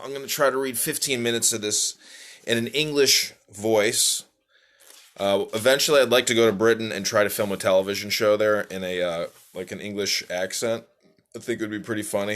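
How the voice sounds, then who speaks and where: Rambling low-voiced man hosting a stream. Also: a bit bright. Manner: rambling, joking, many fillers. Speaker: live-stream host. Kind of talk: casual live-stream chat.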